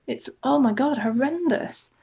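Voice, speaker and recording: A woman's voice: high voice, measured pace, creaky, dark tone, breathy edge, dull audio. A woman co-hosting a coaching podcast, talking in a casual, enthusiastic, rambling way with many "like" fillers. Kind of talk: casual reflective conversation.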